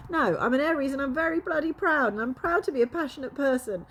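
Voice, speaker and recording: Woman vlogger, fiery and emotional, high bright voice, swears and laughs a lot. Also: fast, slight background noise. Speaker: spiritual coach and vlogger. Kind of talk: casual vlog talk to camera.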